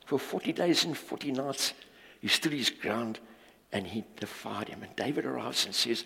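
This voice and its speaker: A man preaching a sermon in a church, animated and jokey as he tells stories and talks with the congregation. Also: mid-range voice, moderate pace, vocal fry, breathy edge. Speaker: pastor. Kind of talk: sermon with storytelling. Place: church hall. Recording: long reverb of a church hall.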